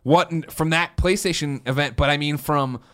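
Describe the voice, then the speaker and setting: A man in his thirties co-hosting a podcast, telling stories in an excitable, rambling way with lots of swearing and restarts. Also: a little high. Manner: fast, excitable storytelling with frequent swearing and restarts. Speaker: podcast co-host. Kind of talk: casual chat.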